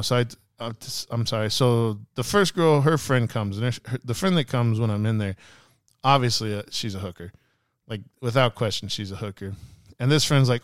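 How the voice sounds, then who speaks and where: Man telling a lively story. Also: medium pitch, moderate pace, clean tone, no room sound, studio quality. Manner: animated storyteller acting out quotes. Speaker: podcast guest. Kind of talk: casual storytelling.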